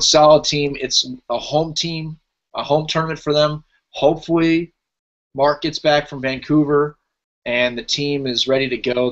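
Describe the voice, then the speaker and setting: A man's voice: medium pitch, fairly bright tone, muffled recording. Man announcing kickball pools on a podcast. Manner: rattles off team lists, chatty. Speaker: podcast host. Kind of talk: casual podcast chat.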